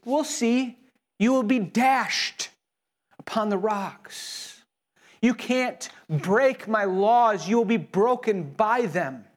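A man's voice: high voice, voice pushed up. A man preaching gives voice to an almighty God who scoffs at rebels and warns them. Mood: scornful warning. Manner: scoffing, slow, menacing.

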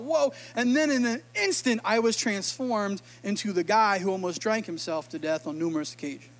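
A man preaching a sermon, telling stories in an animated, emotional, conversational way. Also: very high voice, moderate pace. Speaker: pastor.

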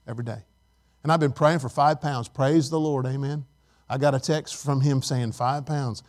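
A middle-aged male pastor with a fairly high voice delivers a sermon. He swings from loud, emphatic lines to soft, hushed asides. His delivery is animated and personal.

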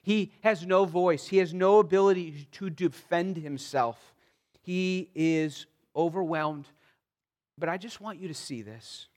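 A man preaching an expository sermon in an earnest, pleading way, moving between soft stretches and emphatic ones. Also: high voice, measured pace. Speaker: pastor.

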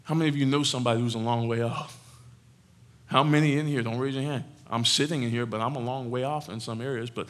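Male preacher, bright tone, animated and conversational sermon delivery. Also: mid-range voice, fast talker. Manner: animated, conversational, teasing the congregation.

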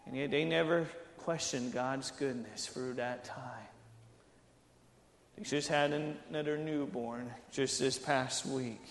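High voiced guy preaching slow, earnest, gets loud at the peaks, roomy church echo. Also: steady tone, vocal fry, slight background noise. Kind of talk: sermon.

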